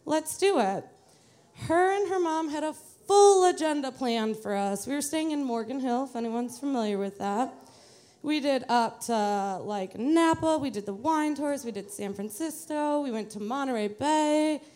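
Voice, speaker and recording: A woman's voice: high voice, expressive, moderate pace, dark tone. Chatty, self-mocking woman storyteller. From Metro Detroit, USA. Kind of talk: live storytelling for an audience.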